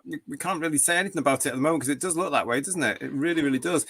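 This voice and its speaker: A man's voice: a little high, rapid-fire, fairly bright tone. A man in his fifties from the UK, hosting a live fan panel and reading out viewer comments in a chatty way. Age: 50s. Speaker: host.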